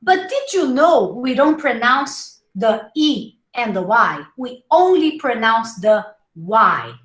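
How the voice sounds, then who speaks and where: A woman teaching English pronunciation in a live online class, slowly modeling each word and repeating it. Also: a little high, big pitch swings, fairly bright tone, roomy sound, rough recording. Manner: slow, drawn-out modeling of words with repetition.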